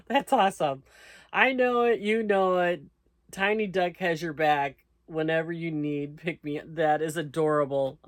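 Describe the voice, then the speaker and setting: With a deep, slightly slow voice captured in studio quality with no room sound, this American crochet host opens her mail. She reads the notes aloud and thanks whoever sent them in a casual unboxing chat.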